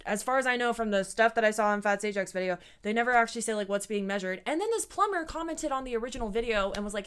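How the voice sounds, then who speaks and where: Young woman doing a sarcastic rant vlog, swears a lot, says like constantly, normal pitch. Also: lively intonation, fast talker, few pauses, clear, resonant tone. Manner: blunt and sarcastic, profane, heavy "like" fillers. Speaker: YouTuber. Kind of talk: casual commentary vlog.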